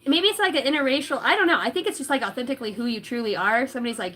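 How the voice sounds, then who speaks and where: A woman's voice: sits high, very fast, bright, forceful tone, slight background noise. A woman doing a casual livestream tarot reading, giggly and rambling, cussing freely. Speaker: tarot reader.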